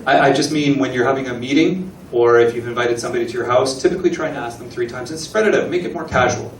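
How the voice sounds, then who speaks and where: A guest speaker at an embassy talk gives a relaxed, chatty lecture presentation, asking the audience questions and acting out little dialogues. His average-pitched voice is captured from a distance in an echoey room, with faint ambience and a little hiss or hum underneath.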